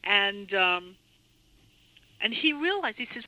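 A woman guest telling a story in an interview, excitable and full of restarts and repeated words. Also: fairly low pitch, moderate pace, no echo, rough recording.

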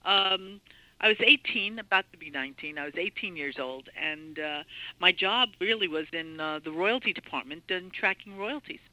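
Bright-voiced woman in her sixties, lively storyteller. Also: fairly low pitch, normal speed, no echo, poor audio. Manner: lively anecdotal, laughs often, many fillers. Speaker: interview guest. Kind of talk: storytelling interview.

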